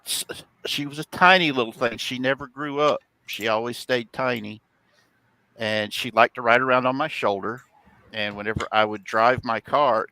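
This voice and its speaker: A middle-aged man chatting on a home live stream, his voice bright and forward. The sound is dry and close, with no room echo. He wanders through long stories and breaks into laughter often. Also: medium pitch, creaky. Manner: rambling storyteller, laughs often. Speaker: host, father. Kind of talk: casual chat on a test live stream.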